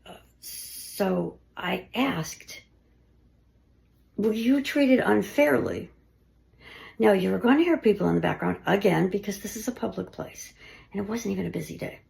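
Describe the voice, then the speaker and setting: A woman investigating the paranormal, talking casually through her recordings and often dropping to a hushed near-whisper. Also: medium pitch, normal speed, creaky. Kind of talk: casual narration of ghost-hunt recordings.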